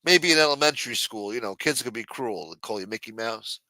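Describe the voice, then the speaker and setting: A man's voice: mid-range voice, animated, fairly quick, sharp tone, no room sound. A man hosting a late-night livestream, chatting casually and profanely while reading viewer messages. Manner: loose, profane, jokey banter reading viewer chats. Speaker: livestream show host.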